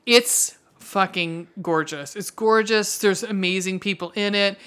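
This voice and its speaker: A woman's voice: mid-range voice, unhurried, a bit bright, smooth. A woman co-hosting a podcast in casual chat, swearing freely and gushing enthusiastically as she rambles. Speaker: podcast co-host.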